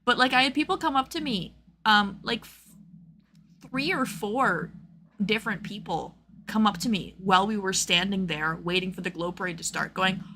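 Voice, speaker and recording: A woman's voice: mid-range voice, lively intonation, normal speed, sharp tone, slight background noise. A young woman streaming, chatting casually with lots of fillers and acted-out quotes. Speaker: streamer host.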